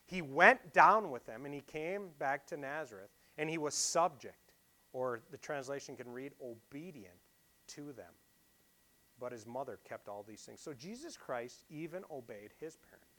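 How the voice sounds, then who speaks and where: Guy preaching a sermon, bright voice, kinda high for a man, gets loud then drops real quiet. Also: expressive, normal speed. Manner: swings from loud emphatic lines to quiet, low asides; asks the congregation rhetorical questions.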